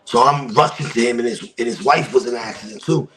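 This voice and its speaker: A man's voice: medium pitch, quick pace, a bit bright, a little hiss or hum, poor audio. A man, a guest on a podcast, tells a dramatic personal story with emphasis and repeated phrases. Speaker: podcast guest from a wrestling promotion.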